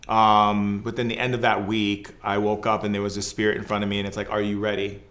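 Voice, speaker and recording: A man's voice: fairly low pitch, monotone, brisk, a bit bright. A man, a podcast guest who works as a shaman, telling a personal story in casual conversation, loose and earnest, filled with "like" and "you know".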